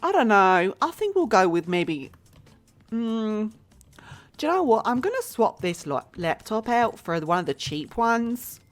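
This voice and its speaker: A woman's voice: mid-range voice, big pitch swings, a little slow. A woman streaming a life-simulation game, chatting bluntly to herself and viewers as she furnishes a store. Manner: chatty and blunt, talks to herself while building. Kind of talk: casual gameplay commentary.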